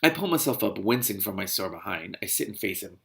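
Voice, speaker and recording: A man's voice: on the low side, very animated, brisk, gravelly. A man reading a novel aloud and breaking off into indignant, exasperated commentary. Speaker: reader and commentator.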